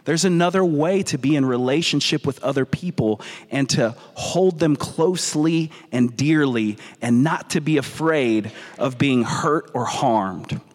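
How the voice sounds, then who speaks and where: A man's voice: mid-range voice, measured pace, hardly any pauses, a little mellow. A man with a Southern American accent preaching a conversational sermon, often restarting and repeating words. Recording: long reverb of a large hall.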